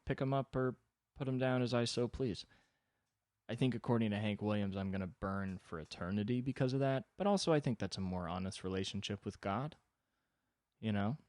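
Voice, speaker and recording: A man hosting a solo podcast, rambling with wry deadpan humor and sudden jumps in pitch. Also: dry recording, studio quality. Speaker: podcast host.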